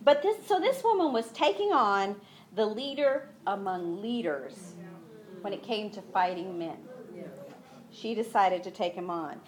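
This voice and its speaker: A woman preaching a sermon, retelling the story in an animated way and acting out the voices. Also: mid-range voice, measured pace, slight background noise. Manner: animated storytelling, acts out voices, laughs often.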